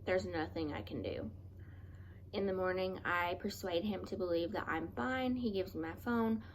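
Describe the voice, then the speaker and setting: A woman vlogger telling a personal story in an earnest, halting, confessional way, often restarting her sentences. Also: lowish voice, slight background noise.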